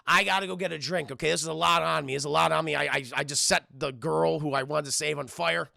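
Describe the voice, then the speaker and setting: Man voicing a tired, cocky exorcist: gravelly, bright, swearing. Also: fairly high pitch, fairly even intonation, quick pace, no echo, studio quality, heavily acted. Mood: rattled. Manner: profane, offhand. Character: cocky, weary male exorcist.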